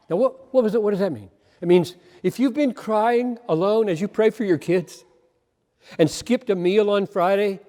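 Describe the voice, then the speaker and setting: Man, preacher, high-pitched, impassioned sermon, emphatic, reverberant hall. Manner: impassioned, emphatic, shifting between loud and quiet.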